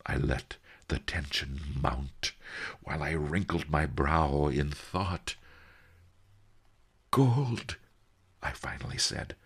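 A man giving an expressive first-person audiobook narration. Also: rumbling low, measured pace, creaky, slightly rough.

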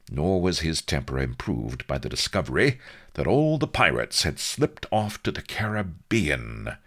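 Man narrating an audiobook, very low voice, expressive and animated delivery, wry comic tone. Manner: wry, comic storytelling with lively emphasis.

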